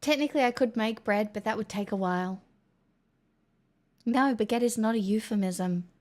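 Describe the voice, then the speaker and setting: A woman bantering casually on a stream in a playful, mock-deadpan way. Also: a little high, normal speed.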